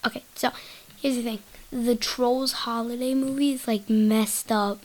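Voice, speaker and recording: A woman's voice: on the high side, steady tone, measured pace, darkish tone, low-quality recording. A woman hosting a solo podcast, rambling in a silly, giggly way and jumping from topic to topic. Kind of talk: rambling casual monologue.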